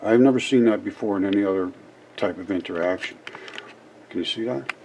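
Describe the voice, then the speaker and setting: An older man rambling through an explanation of experiment footage, halting and repeating words as he goes. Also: lowish voice, creaky, a little mellow, slight background noise. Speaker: independent science video maker. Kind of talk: casual explanation over footage.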